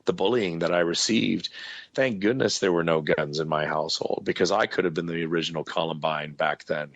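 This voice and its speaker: A man's voice: low voice, creaky, fairly bright tone, no room sound. A man who is a guest actor, earnestly telling personal stories in a candid interview. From grew up in the Southern US and California. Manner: earnest, reflective, laughs between stories.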